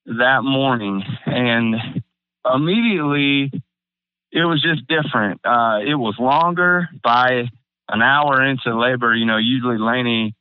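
Young guy, halting and near tears, smooth voice, tinny phone-like line. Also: medium pitch, no room sound. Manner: halting, many restarts and fillers, near tears. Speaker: guest. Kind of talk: emotional personal storytelling. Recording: phone-like narrow band, dry.

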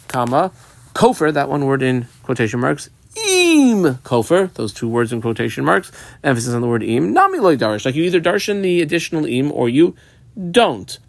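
A man's voice: medium pitch, vocal fry, dry recording. A man teaching a Talmud lesson, reading the text aloud with a rising lilt and then explaining it in plain English. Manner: reads Aramaic lines with a rising, sing-song lilt, then explains them.

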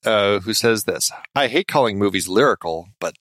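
A man co-hosting a film podcast, talking in a relaxed, easygoing way. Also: fairly low pitch, moderate pace, dry recording, clean studio sound. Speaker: podcast co-host. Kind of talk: casual film podcast chat.

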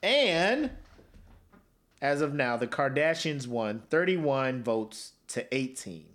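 Lively, teasing man on a comedy podcast. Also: medium pitch, takes it slowly. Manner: laughing, teasing, lively questioning. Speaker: podcast co-host. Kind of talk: comedic casual chat.

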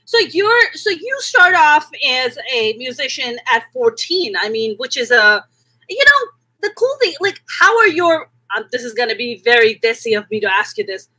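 A woman's voice: a little high, very animated, moderate pace, hardly any pauses, bright, forceful tone, slightly rough, dry recording, low-quality recording. A woman hosting an interview in a playful, slangy, chatty way. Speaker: interview host. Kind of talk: casual interview chat.

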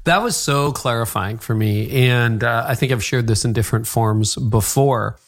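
A man's voice: medium pitch, moderate pace. A man hosting a podcast interview, reacting thoughtfully and asking reflective follow-up questions. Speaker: podcast host. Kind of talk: interview conversation.

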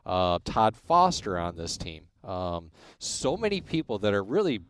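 A man's voice: on the low side, unhurried, a little hiss or hum. A man from Illinois telling stories from his career in a casual chat, acting out the voices of people he quotes. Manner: animated storyteller, acts out quoted dialogue. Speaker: guest. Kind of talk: casual storytelling.

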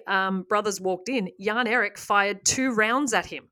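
A woman hosting a casual podcast, retelling a story with lively asides and laughs. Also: medium pitch, a little slow, few pauses. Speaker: podcast host.

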